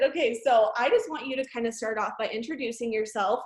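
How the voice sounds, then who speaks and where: A woman hosting a team video call, introducing a guest in a bubbly, excitable way and gushing with praise. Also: fairly high pitch, a little fast, reverberant.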